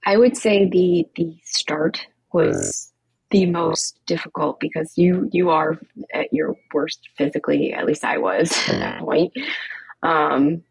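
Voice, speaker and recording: This podcast guest, a woman who works as a cancer coach, has a low voice with vocal fry and a breathy edge, and she takes her time. Her candid storytelling is lively, with acted-out dialogue and plenty of "like." The recording is rough but has no echo.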